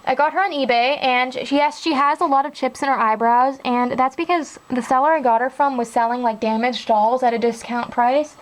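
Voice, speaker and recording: Chatty high-voiced young woman collector. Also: fairly even intonation, a little fast, few pauses, low-quality recording. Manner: chatty and enthusiastic, with frequent "like" and "really, really". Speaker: doll collector vlogger. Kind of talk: casual show-and-tell narration.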